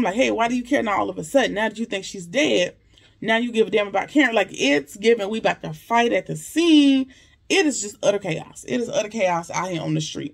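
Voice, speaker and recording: A TV episode reviewer casually recapping a drama, animated and slangy, acting out characters' lines in asides. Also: medium pitch, vocal fry.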